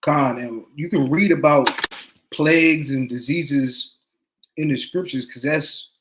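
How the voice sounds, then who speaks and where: A man talks through scripture in a measured, teaching way, often checking in with "right?". His voice sits a little on the high side. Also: fairly bright tone, low-quality recording. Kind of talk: religious talk show discussion.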